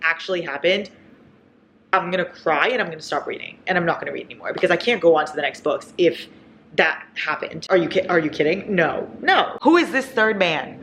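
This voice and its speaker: A woman's voice: low-pitched, a little fast, a bit bright, slight background noise. A young woman in her twenties, chatting casually and dramatically in a reading vlog from home. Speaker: book vlogger. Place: indoors at home.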